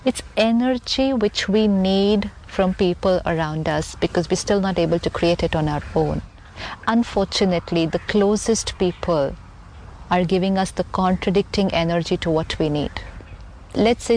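Earnest woman teaching calmly. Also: mid-range voice, moderate pace, slight background noise. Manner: calm, earnest, repeats key phrases for emphasis. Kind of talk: conversational teaching.

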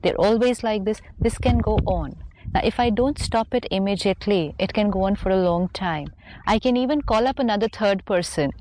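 A woman's voice: mid-range voice, brisk, darkish tone, slight background noise. A woman speaking as a spiritual teacher on a talk show, explaining her ideas patiently and reflectively.

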